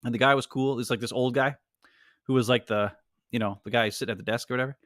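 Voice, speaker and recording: Rambling, animated male storyteller. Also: medium pitch, quick pace, dry recording, clean studio sound. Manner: rambling, animated, heavy use of "like". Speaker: podcast co-host. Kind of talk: casual storytelling.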